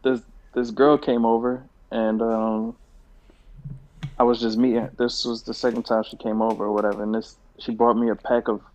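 A man's voice: medium pitch, little pitch movement, moderate pace, a little mellow. A man co-hosting a casual podcast, rambling and swearing freely as he chats. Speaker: podcast co-host. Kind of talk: casual chat. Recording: dull lo-fi sound.

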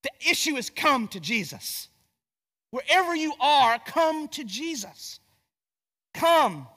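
A man's voice: very high-pitched, big pitch swings, slow, sharp tone, in a large hall. A pastor from North Carolina with a Southern accent, preaching a sermon in a conversational, joking way, often restarting his sentences. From Gastonia, North Carolina. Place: church sanctuary.

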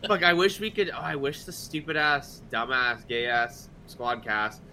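A man's voice: mid-range voice, unhurried, a little hiss or hum. A man co-hosting a podcast in casual chat, swearing a lot and breaking into laughter as he talks. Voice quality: swears a lot, laughs often, loud and excitable. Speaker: podcast co-host.

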